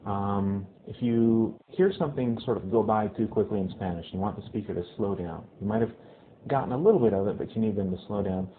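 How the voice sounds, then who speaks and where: A male Spanish teacher giving a casual video lesson who often checks in with "okay?" and repeats phrases slowly. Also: on the low side. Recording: tinny phone-like lo-fi audio with faint hiss.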